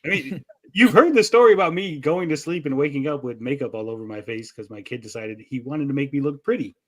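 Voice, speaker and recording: Animated, higher-voiced man telling stories. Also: brisk. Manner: animated storytelling, swears freely. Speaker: podcast co-host. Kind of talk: casual chat.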